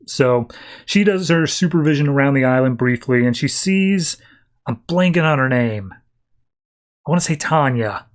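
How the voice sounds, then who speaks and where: A man hosting a podcast who recaps comic issues in a casual, chatty way. His voice sits at a middle pitch for a man, and he keeps dropping "like" as he goes. He talks in a relaxed, off-the-cuff manner. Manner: loose and chatty, frequent "like". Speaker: podcast host.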